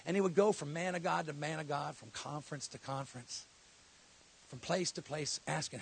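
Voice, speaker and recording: Gravelly, husky preacher man. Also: a little high, fairly quick. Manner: storytelling that builds to shouted exhortation. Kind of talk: sermon. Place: church hall.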